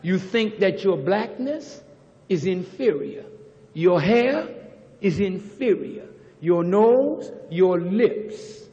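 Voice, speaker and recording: A man, a minister, giving an impassioned lecture to students, building to shouts and stretching words for emphasis. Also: high-pitched, lively intonation, lo-fi sound. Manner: preaching, rising to shouts, drawn-out emphasis. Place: university auditorium. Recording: archival recording with long hall reverb.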